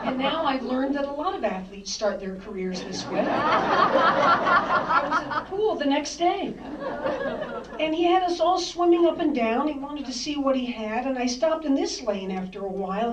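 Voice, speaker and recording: A woman in her sixties, an author, telling stories from her life in a lively, wry, dramatic way. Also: high-pitched, slight background noise. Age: 60s. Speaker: author and speaker. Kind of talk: storytelling talk. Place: library hall, indoors. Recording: roomy hall, distant dull mic.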